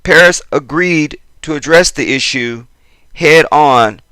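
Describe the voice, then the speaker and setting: A man giving a casual commentary to his viewers, exasperated and chatty, jumping between loud emphasis and muttered asides. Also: a little high, slow pace, smooth, no room sound. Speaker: YouTube commentator.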